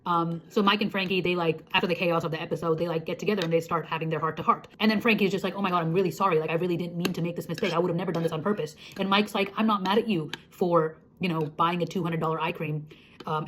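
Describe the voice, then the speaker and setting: A young woman from India telling a story to camera in a chatty, animated way, with lots of fillers. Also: lowish voice. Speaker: vlogger. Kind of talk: casual storytelling monologue.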